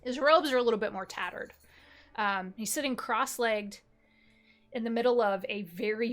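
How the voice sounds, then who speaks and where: A woman narrating a tabletop game as game master, telling scenes slowly with descriptive detail and fillers. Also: fairly high pitch, a bit bright. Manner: slow, descriptive storytelling with fillers.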